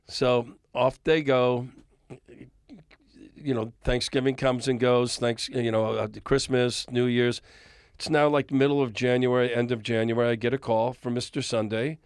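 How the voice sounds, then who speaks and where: At a normal pace and medium pitch, the record executive, an older man, recounts a long tale as a podcast guest. He's an animated storyteller who chuckles a lot, and his clear, resonant voice comes through in studio quality without echo.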